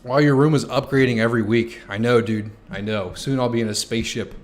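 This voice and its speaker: This twenty-something streamer has a medium-pitched voice with fairly even intonation and a quick pace. Casually answering chat, he jokes, swears freely and sometimes raises his voice to a shout.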